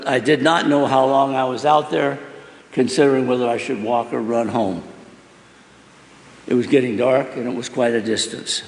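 A man giving an emotional first-person testimony, earnest and pleading as he asks many questions. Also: mid-range voice. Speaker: storyteller. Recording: roomy hall with long reverb.

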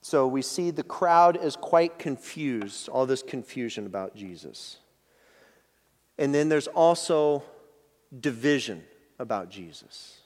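A man's voice: medium pitch, expressive, slow, long reverb tail. A man preaching a sermon as a pastor, explaining a passage in a conversational teaching manner with frequent restarts.

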